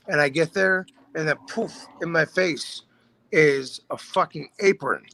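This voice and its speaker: Man, forties, gravelly, laid-back, swears freely, casual storytelling. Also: fairly high pitch, measured pace, sharp tone, a little hiss or hum. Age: 40s. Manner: laid-back, profane, says "man" a lot. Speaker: podcast guest, bass player.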